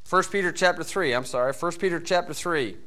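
A man preaching a sermon in a folksy storytelling way, swinging between loud emphasis and quiet asides. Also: a little high, a little fast.

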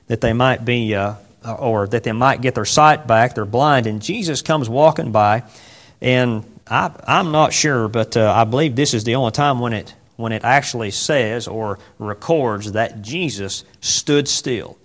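A man delivers a sermon in a mid-range voice. He talks loosely, with fillers and restarts, then swells into louder, emphatic stretches before settling back into a conversational teaching tone. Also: medium pitch, unhurried. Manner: rambling with many fillers, rising to loud emphatic bursts. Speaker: preacher.

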